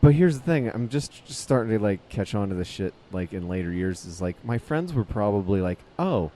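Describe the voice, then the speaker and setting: A man's voice: on the low side, animated, a little fast, dark tone, a little hiss or hum. A man in his late twenties, a comedian guest, telling a long story in a rambling, profane way with many fillers and restarts. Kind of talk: casual storytelling interview.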